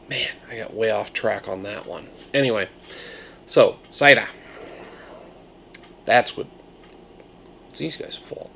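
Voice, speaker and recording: A man's voice: fairly low pitch, very animated, normal speed, vocal fry, long pauses, a little hiss or hum. A man from Maine with a Maine accent, casually reviewing a cider in a rambling, jokey way. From Maine, USA. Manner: rambling, jokey, self-interrupting.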